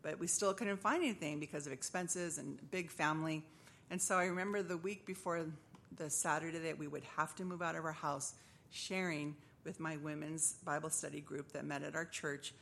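A woman's voice: low-pitched, steady tone, normal speed, creaky, fairly bright tone, a little hiss or hum. A middle-aged woman giving a personal testimony at church, telling her story earnestly and acting out the voices of the people in it.

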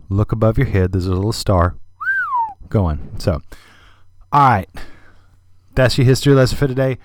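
Male podcast host, mid-pitched, chatty and rambling, dry close sound. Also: a little mellow, no echo. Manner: chatty, rambling, many fillers and asides. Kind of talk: casual radio-style music commentary.

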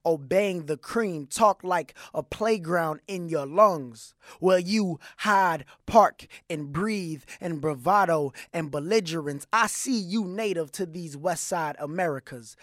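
A poet performs spoken word verse with a rhythmic, emphatic cadence. The pace is slow and deliberate. The sound is dry and close. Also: mid-range voice, dry recording.

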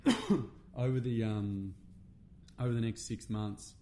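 Middle-aged Australian man, lower pitch, casual earnest storyteller, swears freely, light background noise. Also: fairly even intonation, slow, dark tone. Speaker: podcast guest, men's workshop facilitator.

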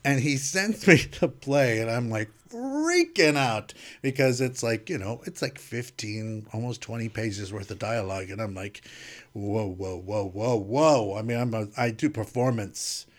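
A man who is a guest artist, telling a casual, animated story and acting out the things people said to him. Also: mid-range voice, normal speed, few pauses. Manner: animated storyteller who acts out quoted exchanges.

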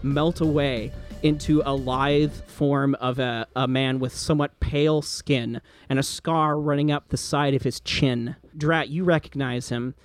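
A man's voice: medium pitch, steady tone, a little slow, no room sound, faint music behind. A man narrating a tabletop game as game master, describing scenes with casual fillers.

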